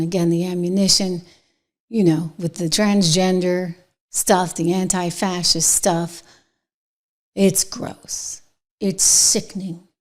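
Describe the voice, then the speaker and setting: This middle-aged woman hosts her own political commentary show, speaking at a medium pitch. Her delivery is indignant, emphatic and sarcastic, swinging from hushed whispers to loud outbursts.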